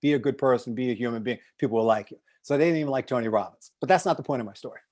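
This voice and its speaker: A middle-aged man from the United States, a success coach giving an animated motivational talk on a video call, swinging from loud bursts to hushed asides as he tells stories. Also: mid-range voice, racing.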